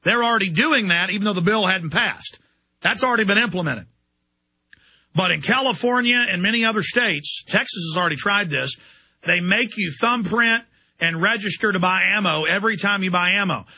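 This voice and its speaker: A man on his own show, ranting with relentless intensity and stumbling over repeated words as he pushes on. His voice is gravelly and strained, with a sharp, tight edge. It sits high for a man. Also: normal speed. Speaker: radio host. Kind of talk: angry political rant.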